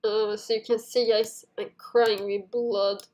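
A woman's voice: medium pitch, flat delivery, a little slow, darkish tone. A woman hosting a casual gameplay video, chatting to viewers and giggling often as she plays. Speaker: gaming video host.

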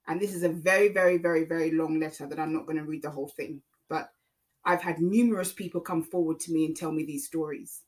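A woman's voice: low-pitched, steady tone, fast, poor audio. A woman talking through a YouTube commentary monologue, rambling and repeating herself with frequent ums.

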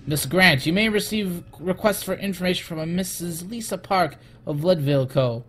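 A man's voice: high-pitched, normal speed, a bit bright, a little hiss or hum. A man voicing a smug corporate executive's memo in a mock-dramatic, pompous reading voice.

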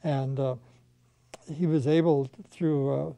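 An older man with a gravelly, somewhat high voice recalls his animation studio days in relaxed conversation. He spins anecdotes and mimics the people in them. His tone is mellow and the sound is close and dry. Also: takes it slowly, no echo. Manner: anecdotal storyteller who mimics the people he quotes. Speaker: veteran animation filmmaker. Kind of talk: reminiscing conversation.

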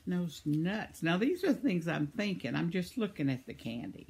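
A woman's voice: lowish voice, sing-song, moderate pace, hardly any pauses, darkish tone, slight background noise. An older woman telling a rambling everyday story in a chatty vlog, laughing often as she talks. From United States. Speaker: vlogger. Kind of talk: casual storytelling.

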